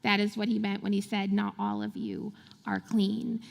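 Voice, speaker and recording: A woman's voice: mid-range voice, flat delivery, moderate pace, vocal fry. A woman pastor preaching a sermon, telling the story animatedly and acting out the quotes. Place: large church sanctuary. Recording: long hall reverb in a church.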